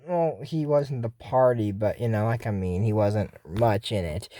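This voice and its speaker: A vlogger casually recapping a cartoon episode in a chatty, excitable way, full of fillers and restarts. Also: mid-range voice, normal speed, no echo, studio quality. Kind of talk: casual rambling recap commentary.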